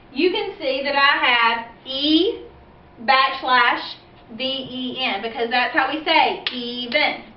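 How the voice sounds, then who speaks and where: A woman teacher giving a phonics lesson for parents and children, explaining slowly and patiently and asking questions as she goes. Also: high voice, slight background noise. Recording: echoey, dull, distant from the mic.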